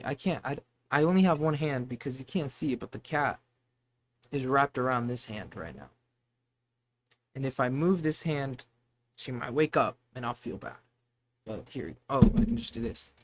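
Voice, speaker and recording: A young man vents to the camera about customers and managers at his store. He rambles, swears constantly and works himself up. His voice sits a little higher than most men's. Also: fairly bright tone. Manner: profane, rambling, gets heated. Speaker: vlogger venting about retail work. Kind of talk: casual rant to camera.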